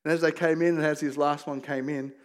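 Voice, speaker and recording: A middle-aged man preaches a sermon with a voice pitched a bit above most men's. He talks like he's chatting with the congregation, telling stories with folksy asides and asking rhetorical questions. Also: level tone, a little fast. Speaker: pastor.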